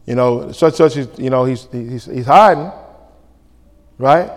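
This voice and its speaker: A male pastor preaching a sermon, lively and colloquial, acting out back-and-forth dialogues. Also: medium pitch, measured pace. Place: church sanctuary. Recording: reverberant church hall.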